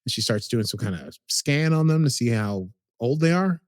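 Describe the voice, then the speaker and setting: A man's voice: medium pitch, lively intonation, moderate pace, no echo, studio quality. A man casually recapping a TV episode as a podcast co-host, rambling and chatty with lots of "like"s.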